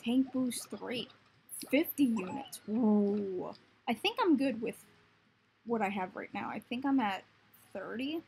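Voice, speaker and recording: A woman's voice: on the high side, slow pace, creaky, darkish tone, slight background noise. A young woman giving casual gameplay commentary, often cooing baby talk at the creatures on screen. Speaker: gaming video host.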